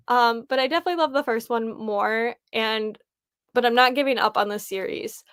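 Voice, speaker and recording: A woman's voice: fairly high pitch, steady tone, brisk, smooth, no room sound, studio quality. A woman hosting a casual livestream, chatting and rambling as she thinks aloud. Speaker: livestream host.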